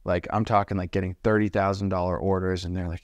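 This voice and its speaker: Male podcast guest, low voice, brash and profane, animated storytelling, dry studio sound. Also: fast talker, no echo. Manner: energetic, profane, acts out the people in his stories. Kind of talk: casual storytelling interview.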